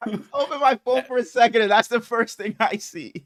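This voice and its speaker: High-voiced laughing man, dry close sound. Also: fairly quick, no echo. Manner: laughing storyteller, swears freely. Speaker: podcast co-host. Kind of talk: casual sports podcast chat.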